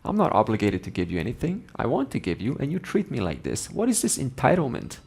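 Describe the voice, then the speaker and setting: A man voicing an indignant old woman who scolds rapidly in a raised voice. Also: medium pitch, huge pitch swings, creaky, darkish tone, slightly rough, full character voice.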